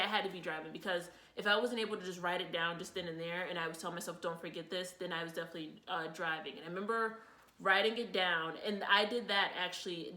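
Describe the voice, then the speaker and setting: A woman's voice: on the low side, pushed and bright. A young woman vlogger telling a personal story in a rambling, casual way, with lots of fillers and repeats. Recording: echoey room.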